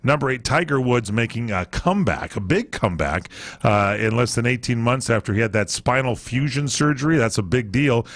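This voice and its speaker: A man's voice: mid-range voice, animated, normal speed, fairly bright tone. A man co-hosting a sports talk radio show, rambling with lots of fillers as he reads through a list of stories.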